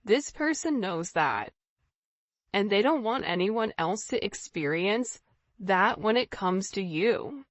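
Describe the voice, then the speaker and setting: Female tarot reader, unhurried and earnest, direct to camera, dry and slightly muffled sound. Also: medium pitch, animated, dry recording. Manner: intuitive, repetitive, earnest, talks straight to the viewer. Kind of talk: casual tarot reading to camera.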